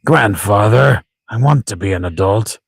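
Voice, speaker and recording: A man voicing a young male beast cub who earnestly wants to grow up, with a gravelly, husky voice. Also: on the low side, lively intonation, moderate pace, no room sound, full character voice.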